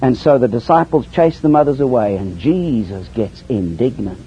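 A man preaching a sermon, dropping to hushed lows and rising to soaring, emphatic highs. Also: lively intonation, normal speed. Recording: dull lo-fi sermon recording with faint hiss.

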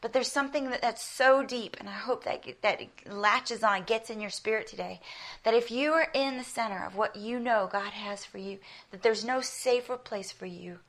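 A woman's voice: medium pitch, fairly bright tone. A middle-aged woman from South Africa with an American accent, preaching an earnest sermon built on personal stories. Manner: earnest, emphatic, storytelling.

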